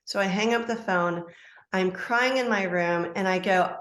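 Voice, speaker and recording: A middle-aged woman, a life coach, telling a personal story as a podcast guest, animated and acting out quoted dialogue. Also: medium pitch, measured pace. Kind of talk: storytelling interview answer. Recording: roomy echo.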